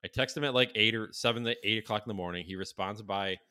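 Male co-host, casual profane storyteller, bright tone, lots of restarts. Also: lowish voice, fast. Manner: rambling, profane, many fillers and restarts.

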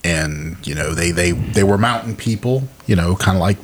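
Brief: young male co-host, very deep voice, meandering casual chat, slight noise behind. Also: moderate pace. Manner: rambling, hesitant, lots of fillers. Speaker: podcast co-host.

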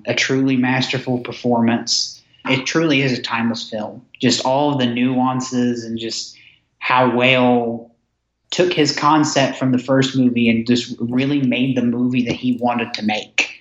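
A man's voice: mid-range voice, level tone, a little slow. Man on a roomy, dull-sounding line. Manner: enthusiastic, rambling with restarts. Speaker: podcast guest. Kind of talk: casual chat.

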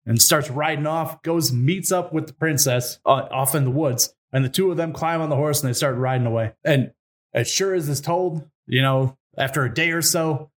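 A man casually retelling a folk tale to a friend, animated and slangy, often laughing. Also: a little high, normal speed. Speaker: storyteller.

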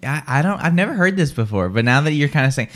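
Low-pitched giggly woman radio host. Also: animated, quick pace. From California. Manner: giggly, rambling, restarts often. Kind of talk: casual morning radio chat.

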